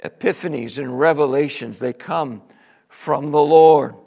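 High gravelly animated preacher man. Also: a little slow. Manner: animated preaching with wide swings from hushed to shouting; acts out listeners' voices in quotes. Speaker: pastor. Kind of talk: sermon.

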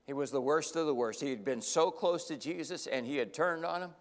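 A high-pitched male pastor delivering a sermon with lively, dramatic storytelling. He acts out the characters' lines in changing voices. His voice rings with a long reverb, as in a large church sanctuary. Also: brisk.

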